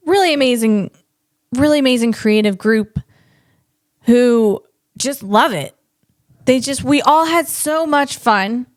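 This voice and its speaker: Her voice sits high, and she talks slowly with long pauses. In this casual solo chat she rambles, makes self-deprecating jokes and laughs at them, captured in clean studio sound with no echo.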